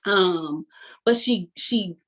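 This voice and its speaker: A woman's voice: mid-range voice, a bit bright. Folksy woman coach preaching to "y'all". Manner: folksy and sermon-like, calls the audience "y'all" constantly; emphatic, repeats key phrases slowly for effect. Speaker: life coach. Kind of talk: motivational coaching talk.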